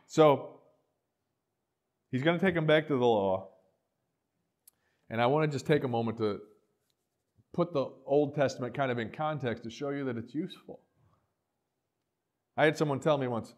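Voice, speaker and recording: A middle-aged male pastor preaching a sermon, animated, acting out quoted voices and dropping to quiet asides. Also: medium pitch, normal speed, pauses often.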